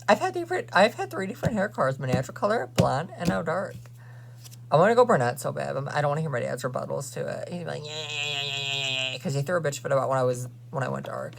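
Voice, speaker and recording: A man's voice: on the high side, vocal fry, slight background noise. A young man venting to camera in a sassy, profane, ranting way, as a vlogger. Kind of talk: casual rant to camera.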